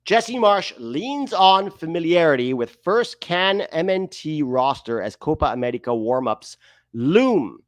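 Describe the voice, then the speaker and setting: A man's voice: fairly high pitch, sing-song, measured pace, no room sound. A man reading a sports article in a mock Canadian accent that drifts toward Irish, exaggerated and self-mocking. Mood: mock formal.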